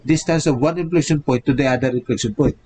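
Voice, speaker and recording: A man's voice: medium pitch, fast talker, darkish tone, slight background noise, poor audio. A male engineering professor giving a live-streamed lecture, drilling each point and checking in with "okay?" and rhetorical "what?".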